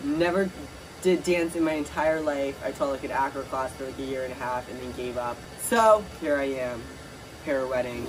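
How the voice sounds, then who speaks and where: A man filming a playful challenge vlog, excitable and self-mocking, swearing often. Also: medium pitch, normal speed. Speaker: vlogger. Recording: noisy home recording.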